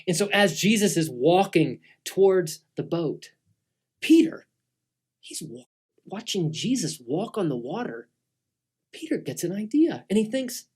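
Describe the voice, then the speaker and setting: A woman telling a Bible story to children, dramatic and swinging between loud and hushed delivery. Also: medium pitch, big pitch swings, a little slow, slightly rough. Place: church.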